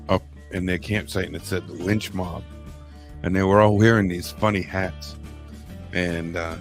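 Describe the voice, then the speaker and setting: A man with a lowish voice tells a rambling, animated story on a casual podcast. He laughs as he goes, with faint music under him. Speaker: podcast co-host.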